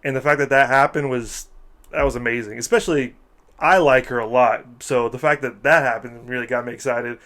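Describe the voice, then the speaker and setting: A man's voice: mid-range voice, a little fast, fairly bright tone. Casual young man saying "dude" a lot. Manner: loose and profane, says "dude" a lot. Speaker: podcast co-host. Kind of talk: casual chat.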